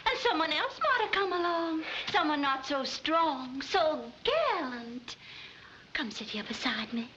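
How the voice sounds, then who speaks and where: A swooning fake southern belle. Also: female voice, very high-pitched, very animated, a little slow, sharp tone, slight background noise, exaggerated voice. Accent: put-on American Southern. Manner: breathy, coquettish, melodramatic pleading. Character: scheming female swindler feigning a swooning southern belle. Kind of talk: 1940s film comedy acting. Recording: dull 1940s film soundtrack.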